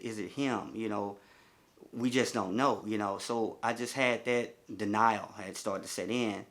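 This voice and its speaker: Low-voiced middle-aged man, halting testimony. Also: a bit bright. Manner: halting, repetitive, many fillers. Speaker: bereaved father telling his story. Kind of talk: personal testimony.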